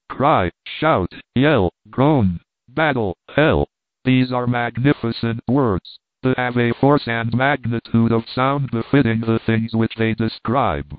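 Guy reading an essay out loud, steady and measured, thin phone-like sound, dead dry. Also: mid-range voice, no echo. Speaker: audiobook reader. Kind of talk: scripted narration of a humorous essay. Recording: dry, phone-like narrow band.

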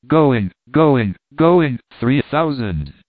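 A man's voice: medium pitch, very animated, very slow, dry recording. A man voicing a persuasive auctioneer calling out bids. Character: auctioneer, male, pleading and persuasive. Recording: thin phone-like dry sound.

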